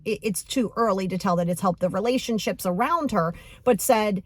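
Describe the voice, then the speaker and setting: A woman's voice: medium pitch, normal speed, no echo. A woman hosting a podcast as a coach, talking casually and animatedly, laughing often as she retells what a client told her.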